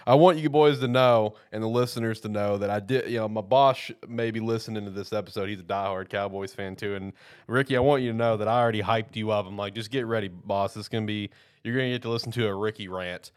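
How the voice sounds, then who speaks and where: A man's voice: fairly low pitch, steady tone, fast, smooth. A man hosting a sports podcast, teasing his co-hosts and laughing. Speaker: podcast host. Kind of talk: casual podcast chat.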